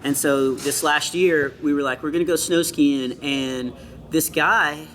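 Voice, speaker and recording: A middle-aged male comedian chatting in an interview, telling earnest stories with quick asides. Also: on the high side, fairly even intonation, a bit bright. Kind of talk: casual interview chat. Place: comedy club after a show.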